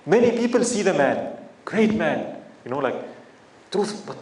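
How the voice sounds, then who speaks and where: A man's voice: fairly high pitch, measured pace, reverberant, poor audio. A man preaching a sermon in English with Arabic phrases mixed in, telling stories animatedly and acting out the people in them. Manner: animated storytelling, acting out quoted voices. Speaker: Islamic preacher.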